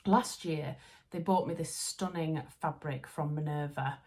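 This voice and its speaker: A woman's voice: deep voice, measured pace, a little mellow. A Yorkshire woman in her thirties chatting to camera about sewing and gifts she has received, gushing and chatty. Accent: Yorkshire English. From Yorkshire, England. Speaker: sewing vlogger. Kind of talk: casual chat to camera.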